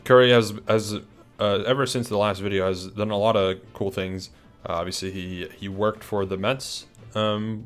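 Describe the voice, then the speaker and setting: A young man talking casually through a ranked list of players, chatty and hesitant, with many fillers and restarts. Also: fairly low pitch. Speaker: video creator ranking players. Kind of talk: casual ranking commentary. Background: faint music.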